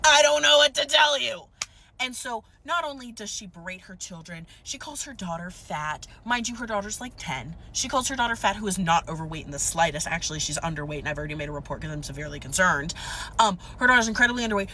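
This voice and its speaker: A woman's voice: mid-range voice, expressive, a little fast, pushed and bright, slight background noise. A young woman telling a casual storytime to her viewers, chatty and exasperated, calling them divas. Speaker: storytime vlogger.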